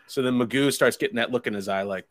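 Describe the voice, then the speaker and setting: A man's voice: mid-range voice, fast, no room sound. A man telling a rambling, profane story in casual chat, acting out his friends' lines. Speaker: podcast host telling a story.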